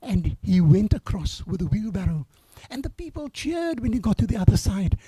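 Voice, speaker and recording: An older man, hoarse from years of choir singing, giving an earnest, halting eulogy for his granddaughter at a memorial service. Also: sits high, big pitch swings, dark tone, dry recording.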